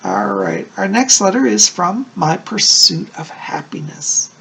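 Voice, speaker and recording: A man's voice: high-pitched, wildly swooping pitch, measured pace, creaky, bright, forceful tone, husky. A man working as a psychic medium, doing a casual video reading, chatty and reassuring, often checking in with "okay?".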